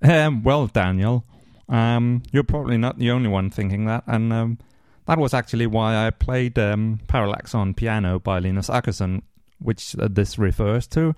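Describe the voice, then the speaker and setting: A man's voice: lowish voice, normal speed, a little mellow, clean tone, no room sound. A man hosting a casual podcast, reading listener mail and answering with rambling asides and dry humor. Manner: rambling, many ums and restarts, dry humor. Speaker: podcast host.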